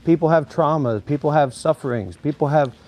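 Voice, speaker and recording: A former monk rambles and preaches outdoors, piling up repeated phrases. His man's voice sits a little high but sounds mellow and soft-edged. He talks straight to camera in a loose monologue. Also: a little fast. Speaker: former Buddhist monk vlogger. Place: outdoors in a graveyard.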